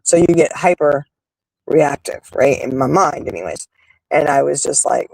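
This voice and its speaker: A man hosting a talk show speaks candidly in a somewhat high voice with a gravelly edge. He rambles and restarts as he thinks aloud, turning emphatic and blunt. The sound is dry and close. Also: moderate pace, a little mellow, no room sound, rough recording. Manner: rambling, emphatic, frank with occasional swearing. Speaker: host. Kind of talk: candid monologue on personal growth.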